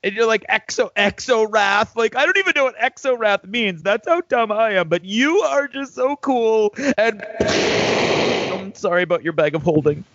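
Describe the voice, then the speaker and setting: A man's voice: sits high, expressive, normal speed, fairly bright tone, dry recording, muffled recording, voice pushed up. A man voicing a dim, fawning young fire knight who gushes over his hero and keeps apologizing, in improvised tabletop role-play. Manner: gushing, sycophantic, apologetic.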